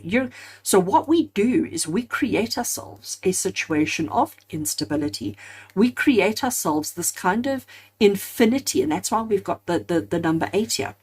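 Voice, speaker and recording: Woman doing a tarot card reading, kinda breathy voice, mid pitch, earnest, keeps calling everyone friends. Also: lively intonation, moderate pace, a little mellow. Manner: earnest, repeats phrases in emphatic lists; addresses viewers directly as friends. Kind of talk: spoken tarot reading to camera.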